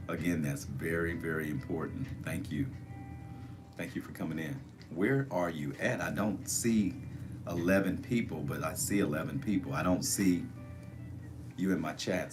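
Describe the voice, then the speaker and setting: Livestream host, man, very low voice, chatty and pleading, soft music under. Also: normal speed. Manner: coaxing, repetitive, urging viewers to join chat. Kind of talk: casual livestream chat.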